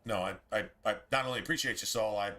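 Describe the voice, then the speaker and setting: Lowish, fast, bright and forceful, this man's voice carries casual chatter as he streams a game. He rambles, curses freely and addresses his viewers head-on.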